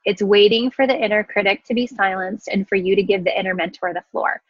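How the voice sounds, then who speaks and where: A woman leading her sales team in an energetic, frank motivational talk, with a casual swear here and there. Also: mid-range voice, brisk, no echo. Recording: dry, slightly dull recording.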